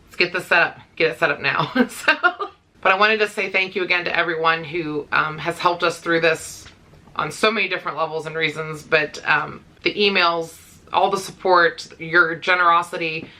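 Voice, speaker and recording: A woman's voice: fairly low pitch, steady tone, normal speed, sharp tone. A woman in her thirties talking casually to camera in a pet vlog, chatty and rambling, with fillers and small laughs. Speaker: pet vlogger.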